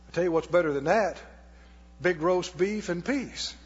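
A man's voice: high voice, moderate pace, noisy background. A male pastor preaching a sermon, emphatic and questioning his congregation. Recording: dull echoey hall recording.

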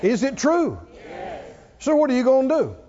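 A man preaching a sermon, calling on the congregation to answer back and building up to shouts. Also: extremely high pitch, wildly swooping pitch, moderate pace. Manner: call-and-response, coaxing the congregation, rising to shouts. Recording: dull sound with long hall reverb.

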